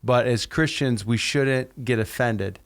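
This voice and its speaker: A man's voice: medium pitch, a little slow. A middle-aged man co-hosting a podcast, telling stories in a casual chat and animatedly acting out other people's lines. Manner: animated storyteller, acts out quoted voices. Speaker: podcast co-host.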